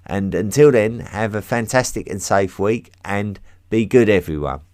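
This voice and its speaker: A man's voice: on the low side, moderate pace, a little mellow, no echo, studio quality. An English man hosting a history podcast, chatting casually through listener mail with plenty of ums, restarts and self-deprecating asides.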